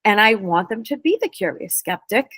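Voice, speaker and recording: Fast-talking woman in a dry room. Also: medium pitch, no echo. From New England. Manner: lively, fast-flowing explanations. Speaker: spirit medium guest. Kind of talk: casual interview talk.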